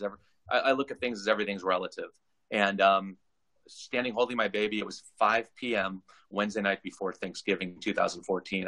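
A man's voice: lowish voice, vocal fry, bright, forceful tone, poor audio. A man in his forties from Southern California, talking earnestly on a video call and often repeating his words as he tells his story. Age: 40s. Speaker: guest. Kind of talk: casual video call interview.

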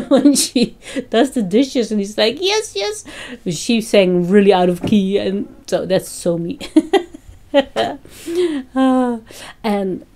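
A woman's voice: medium pitch, slow pace, dark tone. A woman vlogger chatting casually to her fans, laughing often as she tells a story. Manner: laughs often, breaks off and restarts.

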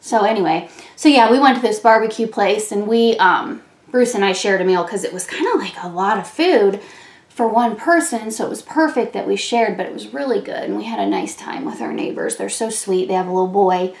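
A woman's voice: mid-range voice, animated, moderate pace. A middle-aged woman chatting casually while doing her makeup, telling stories with plenty of fillers and frequent laughs. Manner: chatty storytelling, laughs often, many fillers. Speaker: beauty vlogger. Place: room at home. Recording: echoey home room.

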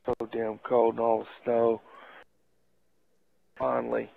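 A man's voice: mid-range voice, monotone, slow, vocal fry. A man telling a casual anecdote in a profane way, laughing as he goes. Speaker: storyteller. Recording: tinny phone-like audio.

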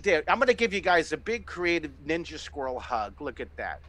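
A middle-aged man hosting a live online drawing lesson, giving excited, encouraging step-by-step instructions as he sketches. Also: a little high, brisk. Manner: enthusiastic, encouraging, exclamatory. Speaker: drawing teacher and host.

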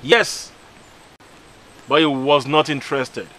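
A calm commanding divine voice. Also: male voice, a little high, slow pace. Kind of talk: film drama dialogue.

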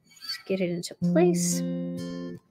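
A woman's voice: on the low side, very animated, slow, over music. A woman hosting a live crafting demonstration, chatting with her viewers as she works. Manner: chatty, talks to viewers while working. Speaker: craft show host.

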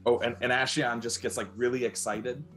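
A man's voice: medium pitch, flat delivery, brisk, over music. A man playing a tabletop game, telling his character's actions in a rambling way with many restarts. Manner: rambling, full of likes and restarts. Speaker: player.

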